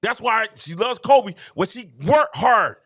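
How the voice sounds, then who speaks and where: A middle-aged man hosting a live stream, ranting casually to his viewers in an animated, preachy way and repeating phrases for emphasis. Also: high-pitched, a little slow. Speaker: live-stream show host. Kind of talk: casual opinion rant to viewers.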